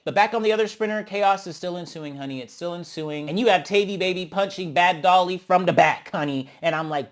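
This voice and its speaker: A man's voice: a little high, brisk, few pauses. Sassy man recapping reality TV. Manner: sassy, gossipy, calls everyone honey; acts out cast members' lines in quotes. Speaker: reality show reviewer. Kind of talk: casual recap commentary.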